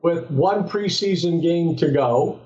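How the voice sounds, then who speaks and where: A man's voice: a little high, takes it slowly. Older man telling stories in an echoey room. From Southern California. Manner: animated anecdotes with frequent restarts. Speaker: guest, former pro football player. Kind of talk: relaxed storytelling in an interview. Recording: echoey, slightly dull sound.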